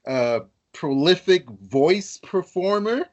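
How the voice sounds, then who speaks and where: A man hosting a podcast interview, earnest and deliberate as he asks questions. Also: high voice, animated, lo-fi sound. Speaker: podcast host.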